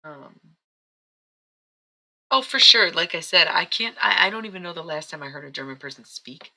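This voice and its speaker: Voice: mid-range voice, lively intonation, moderate pace, creaky, bright, forceful tone, rough recording. A live-stream psychic and astrology reader talking in a casual, rambling, chatty way, often breaking off mid-sentence. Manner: rambling, chatty, self-interrupting.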